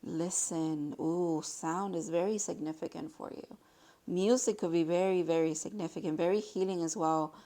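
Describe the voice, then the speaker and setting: A woman doing a casual tarot card reading for her viewers, excitable and gushing, now and then reading card text aloud more softly. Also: on the low side. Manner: excitable and gushing, exclaiming often; reads card text aloud in a slower, softer voice. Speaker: tarot reader.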